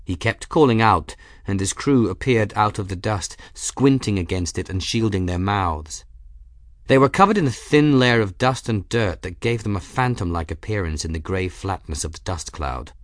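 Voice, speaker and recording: Deep-voiced male audiobook narrator. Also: animated, normal speed, no echo, studio quality. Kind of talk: scripted narration.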